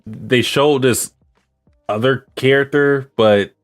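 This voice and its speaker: A man's voice: medium pitch, slow pace, faint music behind. A man co-hosting a podcast in casual chat, laid-back and hesitant, with many fillers. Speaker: podcast co-host.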